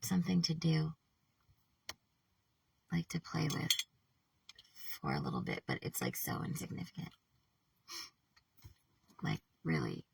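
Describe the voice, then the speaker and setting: A woman talking to camera in a rambling, halting personal monologue, swearing often, trailing off mid-thought and sometimes dropping to a whisper. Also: low voice, huge pitch swings, vocal fry, darkish tone, far from the mic, a little hiss or hum. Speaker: vlogger.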